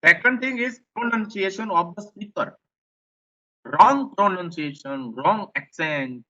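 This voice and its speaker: A male lecturer with an Indian English accent explains his points, often saying them twice. His voice sits high and sounds very bright and sharp. The recording is dull and lo-fi. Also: expressive, unhurried. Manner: repetitive, explanatory, rephrases points. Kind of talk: classroom lecture.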